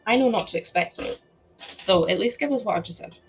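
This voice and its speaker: Chatty, excitable woman streamer. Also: mid-range voice, a little fast, slightly rough, lo-fi sound, soft background music. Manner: chatty and excitable, breaking into laughter. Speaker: live-stream host. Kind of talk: casual chat while building a toy set.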